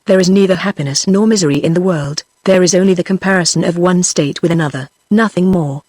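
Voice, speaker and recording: A text-to-speech voice of a woman with a British accent, reading a classic novel aloud and voicing every character in the same even manner. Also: lowish voice, quick pace, no room sound. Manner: even, unvarying delivery of all characters. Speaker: narrator.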